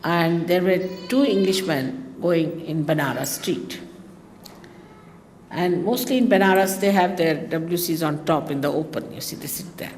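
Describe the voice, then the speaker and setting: A woman's voice: lowish voice, measured pace, darkish tone, long reverb tail, a little hiss or hum. A woman from India with an Indian accent, a spiritual teacher giving a chatty talk to her followers, full of anecdotes and wry asides. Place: large hotel hall.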